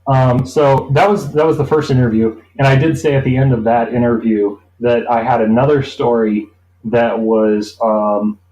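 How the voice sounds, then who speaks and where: A man telling a long anecdote in a relaxed interview, rambling and acting out the people he quotes. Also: mid-range voice, normal speed. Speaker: interview guest. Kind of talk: casual storytelling. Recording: roomy echo.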